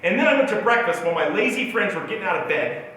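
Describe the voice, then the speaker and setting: A man's voice: high-pitched, lively intonation, fast talker, pushed and bright. A male motivational speaker telling a self-mocking personal story at a keynote talk in a large auditorium. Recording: echoey hall from far off.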